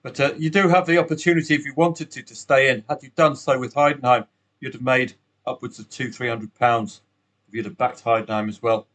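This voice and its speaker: A man's voice: medium pitch, steady tone, brisk, a bit bright. A man hosting a solo betting podcast, chatty and upbeat, with asides to the listener.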